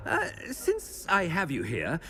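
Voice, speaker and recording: A vain, pompous headmaster in a video game, talking down to everyone in a high, hugely swinging voice. He is haughty and easily flustered, with faint game music behind him. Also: huge pitch swings, slow pace, bright, forceful tone, exaggerated voice. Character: vain, pompous middle-aged male headmaster.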